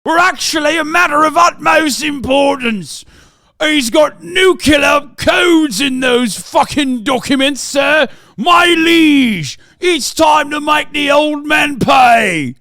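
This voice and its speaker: Man performing a brash put-on British lord type, shouty, profane, very high. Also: lively intonation, very slow, few pauses, no echo, clean studio sound, exaggerated voice. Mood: mock outrage. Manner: loud, profane, theatrical.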